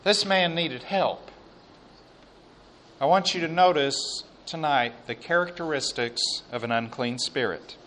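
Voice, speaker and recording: A man preaching a sermon and reading scripture aloud, slow and emphatic, with quiet asides. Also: fairly high pitch, slight background noise.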